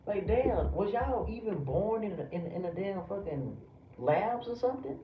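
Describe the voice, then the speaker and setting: A man's voice: high-pitched, animated, moderate pace. Heated profane man streaming live. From United States. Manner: heated, profane, arguing back at viewers. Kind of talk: livestream rant at chat. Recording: roomy, distant, dull lo-fi audio with background noise.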